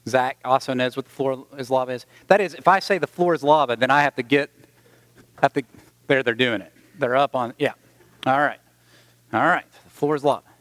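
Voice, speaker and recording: A man preaching a sermon as pastor, reading the gospel and then telling stories in a relaxed, chatty way with fillers. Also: mid-range voice, a little fast, no room sound. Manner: storytelling, conversational with fillers.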